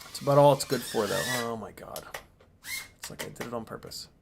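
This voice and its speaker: A man with a gravelly, fry-laden voice chats casually on a livestream, grumbling and muttering in exasperation as he tinkers with gear. A faint hum of noise sits beneath his voice. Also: medium pitch, brisk. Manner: exasperated muttering, reads chat aloud. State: still a bit sick. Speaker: FPV drone livestream host.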